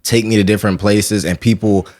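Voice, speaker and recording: A man talking casually as a DJ guest on a podcast, slangy and animated, often asking "you know what I'm saying". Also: fairly low pitch, a little fast. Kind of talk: casual interview chat.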